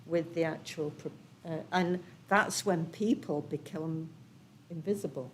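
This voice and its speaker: A woman's voice: sits low, measured pace, slight background noise. A woman on a panel speaking critically and passionately, with hesitant restarts. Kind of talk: discussion.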